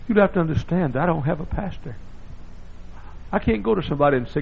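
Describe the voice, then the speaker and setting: An older man from the South, a pastor, preaching a sermon, husky and gravelly, and now and then breaking into sudden loud shouts. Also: on the high side, lively intonation, quick pace, pauses often. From American South. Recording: dull lo-fi sermon recording.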